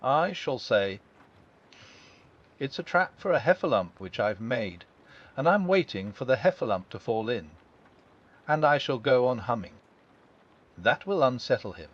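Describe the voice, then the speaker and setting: A man voicing a gentle, simple-minded male bear who thinks things through slowly and earnestly in a storybook reading. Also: mid-range voice, animated. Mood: thoughtful. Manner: slow, thoughtful, earnest. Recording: dull lo-fi.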